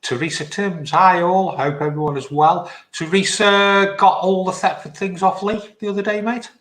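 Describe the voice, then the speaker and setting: A man's voice: high voice, steady tone, normal speed, fairly bright tone. A man hosting a live show, reading viewer comments in a chirpy, bantering way. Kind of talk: casual live-stream chat. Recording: roomy echo.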